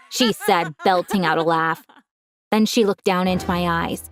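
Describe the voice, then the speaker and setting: A woman's voice: on the low side, fairly even intonation, normal speed, soft background music. A young woman telling a dramatic first-person story, gasping now and then for effect.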